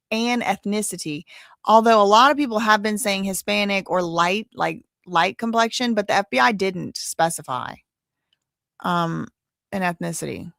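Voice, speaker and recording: A woman's voice: lowish voice, fairly bright tone, no echo, clean studio sound. A woman hosting a live case-update stream, chatting casually with viewers in a blunt, indignant way, sometimes cursing. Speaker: host.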